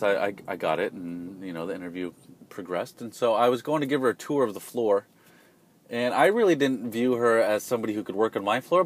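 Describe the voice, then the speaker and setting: Low-voiced man telling a rambling anecdote. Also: slight background noise. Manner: rambling, self-deprecating, frequent restarts. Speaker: storyteller. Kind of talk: casual personal anecdote.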